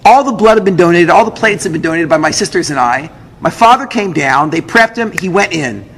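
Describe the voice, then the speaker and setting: A man, a rabbi, telling a personal story to an audience, acting out the dialogue in an animated way. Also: a little fast, vocal fry. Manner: lively, acts out dialogue with big pitch jumps. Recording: roomy hall with long reverb, faint noise.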